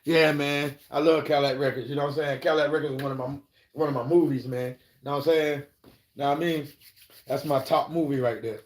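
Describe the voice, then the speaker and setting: This live-streamer's voice sits on the high side, with fairly even intonation and a quick pace. In an echoey room he tells rambling, profane stories, and he keeps checking in with listeners with "you know what I'm saying".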